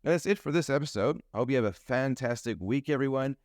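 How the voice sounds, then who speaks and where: A man's voice: medium pitch, quick pace, no room sound, studio quality. A man hosting a solo podcast, a financial advisor talking in a chatty, jokey way. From New Zealand. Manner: chatty and jokey, food metaphors. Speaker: podcast host.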